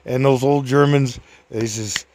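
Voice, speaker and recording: An older man casually telling a rambling personal story, chuckling often and raising his voice high to act out other people's lines. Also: steady tone, measured pace, a little mellow, dry recording.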